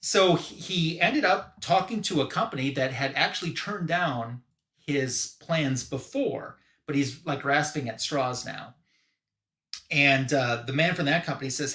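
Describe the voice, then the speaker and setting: A man's voice: fairly high pitch, expressive, a little slow, bright, forceful tone, reverberant. A man hosting a live show, casually retelling a comic story in a rambling way full of fillers. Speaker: podcast host.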